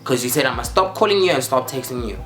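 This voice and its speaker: A man's voice: mid-range voice, animated, fast, a bit bright. A young South African man vlogging a storytime, acting out quotes and repeating phrases for drama. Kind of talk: storytime vlog. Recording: roomy echo with faint music.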